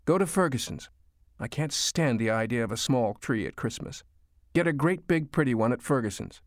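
A man's voice: medium pitch, expressive, normal speed, dry recording, studio quality, lightly acted. A male audiobook reader voicing a bossy, doting older mother who exclaims and insists. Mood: insistent. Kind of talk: audiobook character voice.

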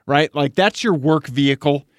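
A man's voice: on the high side, dry recording. Playful man with a dry, close sound. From Denver area. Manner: laughing, playful, quick riffs. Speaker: podcast co-host. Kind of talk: casual chat.

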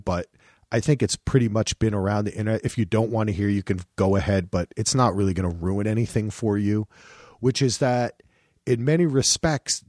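A man co-hosting a podcast in casual chat, animated and profane, with frequent restarts. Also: lowish voice, dry recording, clean studio sound. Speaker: podcast co-host.

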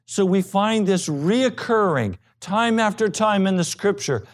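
Male pastor, sermon delivery, slightly high voice, big swings between loud and soft. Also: very animated, unhurried. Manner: emphatic preaching, swinging between loud high peaks and low quiet asides.

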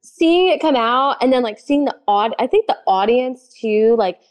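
A woman's voice: on the high side, animated, normal speed. A young woman chatting casually and gushing, with lots of fillers and giggles. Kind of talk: casual chat.

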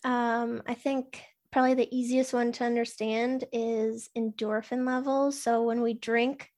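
A woman with a somewhat high voice, talking things through in a relaxed, explanatory way. She fills her sentences with "like" in an easygoing podcast chat. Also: a little slow. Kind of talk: casual podcast conversation.

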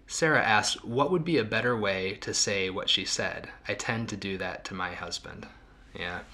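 A middle-aged man with a lowish voice and a bright, forceful edge hosts a casual podcast. He reflects out loud, stopping and restarting often, filling gaps with ums and dropping in quiet self-deprecating laughs. He speaks as a marital therapist would. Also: normal speed.

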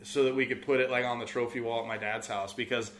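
A young man with a Californian accent, medium pitch and a steady, slightly bright voice talks fast over slight background noise. A guest who owns an outfitter business, he tells a hunting story in casual conversation, rambling with many "like" fillers and acting out quotes.

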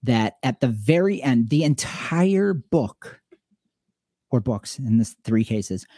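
A man co-hosting a podcast, talking casually and telling animated stories in which he acts out the people he quotes. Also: mid-range voice, slow pace, dry recording, clean studio sound. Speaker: podcast co-host.

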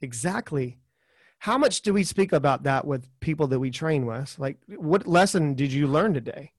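Blunt-talking podcast host, dry sound. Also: male voice, a little high, expressive, normal speed, dry recording. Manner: blunt and frank, with occasional swearing. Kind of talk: casual interview chat.

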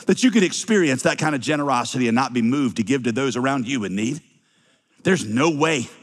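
A middle-aged man preaching a sermon, telling a story and acting out its characters with big swings in his voice. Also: medium pitch. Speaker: pastor. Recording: long hall reverb.

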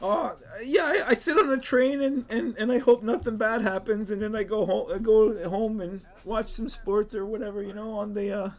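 A man's voice: sits high, fairly even intonation, moderate pace, hardly any pauses, lightly acted. A man voicing a nervous young male train guard in debt, who stammers and frets. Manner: stammering, jittery.

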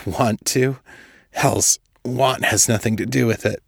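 A man voicing a frail, sickly young man who rasps and whispers in short, halting, strained phrases. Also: medium pitch, steady tone, no echo, studio quality. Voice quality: raspy, breathy whisper. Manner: strained, halting, forced through the teeth.

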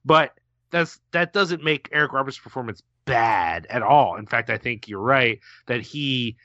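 A man's voice: mid-range voice, expressive, a little slow, sharp tone, no room sound, muffled recording. A man co-hosting a casual podcast, rambling with hesitant restarts. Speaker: podcast co-host.

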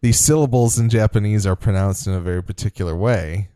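A man co-hosting a casual podcast, relaxed and agreeable, explaining things at an easy pace. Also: on the low side, fairly quick, no echo, studio quality. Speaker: podcast co-host. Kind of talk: casual chat.

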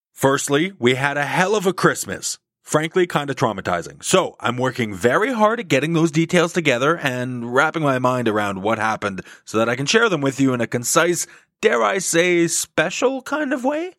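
Man in a lively put-on radio voice. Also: fairly high pitch, no room sound, clean studio sound. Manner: lively, drawn-out emphasis on key words. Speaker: podcast host. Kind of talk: scripted podcast update.

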